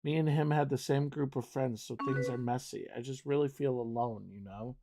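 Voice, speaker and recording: A man's voice: mid-range voice, steady tone, moderate pace, background noise, natural voice. A man reading as a heartbroken young woman. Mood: sad. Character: heartbroken young woman friend, soft-spoken.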